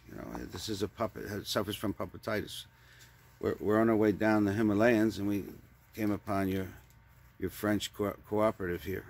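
Stammering man with a gravelly voice. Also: fairly low pitch, flat delivery, normal speed, darkish tone, a little hiss or hum. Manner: stammering, repeats words, rambling. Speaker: puppeteer comedian. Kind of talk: improvised comic puppet sketch.

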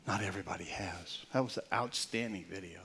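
An older male pastor preaching a Father's Day sermon, swinging from loud, emphatic points to soft, near-whispered storytelling. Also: sits low, fairly quick, slight background noise.

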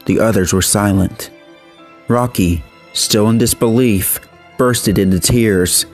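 A man narrating a horror story in a steady, even scripted reading. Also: on the low side, takes it slowly, faint music behind.

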